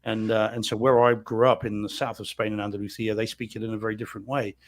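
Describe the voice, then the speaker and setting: A man's voice: lowish voice, little pitch movement, quick pace. A man from New Zealand with a New Zealand accent, co-hosting a live podcast in easygoing, wry casual chat and explaining at length. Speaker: podcast co-host.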